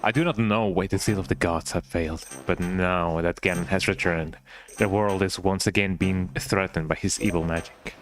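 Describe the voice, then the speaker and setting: A man's voice: deep voice, steady tone, moderate pace, close to an everyday voice, low-quality recording. A man voicing a wise old talking boat who guides the hero, in a grave, stately way. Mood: solemn. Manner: grave, stately storybook delivery.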